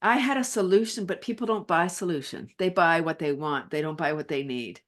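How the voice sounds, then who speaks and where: Her pitch is fairly low and she talks fairly quickly. A wellness advocate from Canada in middle age, she's a guest in a relaxed interview, chatting with energy, laughing a lot and sharing playful stories.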